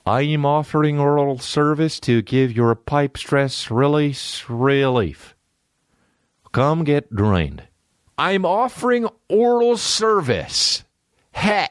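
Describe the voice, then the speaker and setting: A man voicing a male robot that offers sleazy services, in a stilted, drawn-out robotic delivery. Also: on the high side, animated, smooth, no room sound, clean studio sound, pitched above the performer's own voice.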